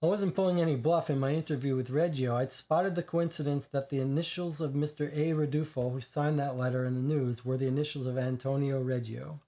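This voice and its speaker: A man's voice: mid-range voice, steady tone, brisk, hardly any pauses, warm tone. A man reading a crime dossier aloud for a game stream, with small slips, then commenting casually.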